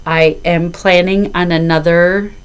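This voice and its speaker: A woman's voice: fairly low pitch, steady tone, measured pace, clean tone. A woman in her fifties, chatting casually to camera about her cross-stitch, rambling and often apologizing as she goes.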